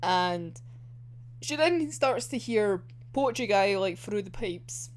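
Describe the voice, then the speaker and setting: A young woman giving a casual anime commentary, animated and heated, swearing a lot and filling with "like". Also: mid-range voice, takes it slowly. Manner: animated, heated, heavy swearing, many fillers. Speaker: anime reviewer.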